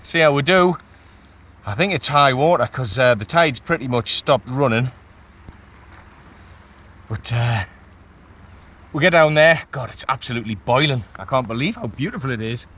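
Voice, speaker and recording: A man, chatting excitedly to the camera from his kayak while fishing at sea, often laughing. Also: mid-range voice, normal speed, pauses often. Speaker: kayak angler filming his fishing trip. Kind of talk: casual vlog commentary. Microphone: action camera mic.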